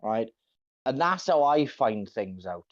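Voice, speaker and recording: A man's voice: mid-range voice, very animated, slow pace. A man co-hosting a livestream, trading playful, mock-serious banter. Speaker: co-host. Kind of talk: casual chat on a livestream. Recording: slightly dull, lo-fi mic.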